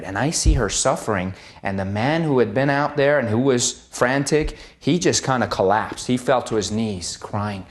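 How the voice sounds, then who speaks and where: A man's voice: mid-range voice, lively intonation, moderate pace, few pauses. Man, chiropractor, earnest personal storytelling, vivid present tense, frequent fillers.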